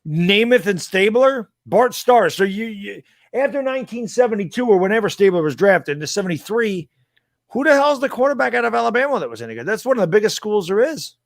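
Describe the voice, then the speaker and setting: Blunt, gruff sports-chat co-host. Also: male voice, sits high, very animated, fairly quick, no room sound, studio quality. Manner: blunt, rhetorical, swears mildly.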